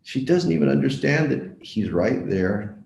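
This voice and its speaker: Man monk preaching, super slow, gravelly, roomy echo, keeps asking the crowd stuff. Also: medium pitch, expressive, a little mellow, a little hiss or hum. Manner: storytelling, repeats words for emphasis; asks the audience direct questions. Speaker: visiting monk lecturer. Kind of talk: devotional lecture.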